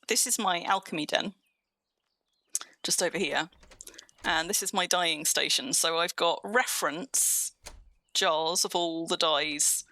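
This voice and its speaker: A woman with a low, gravelly voice, chatting loosely on a game stream. Her tone is bright and forward, and she drifts from point to point as she answers her viewers. The sound is dry and close, with no room around it. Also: no room sound. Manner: chatty and rambling, answering chat as she goes.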